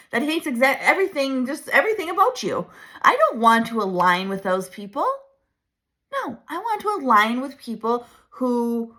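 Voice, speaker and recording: A woman in her thirties coaching her viewers in a chatty, animated way, laughing often. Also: a little high. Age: 30s. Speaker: branding coach. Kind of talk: casual coaching talk to camera.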